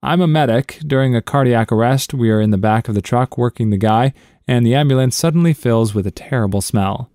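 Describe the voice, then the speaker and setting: A man narrating a string of short reader-submitted stories in a steady, even storytelling read. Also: medium pitch, brisk, dry recording, clean studio sound.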